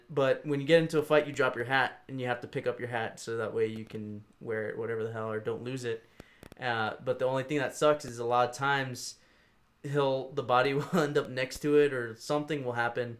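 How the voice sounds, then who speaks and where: A young man in casual chat, rambling through stories with lots of swearing, fillers and animated bursts. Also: medium pitch, brisk. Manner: rambling, profane, animated storytelling.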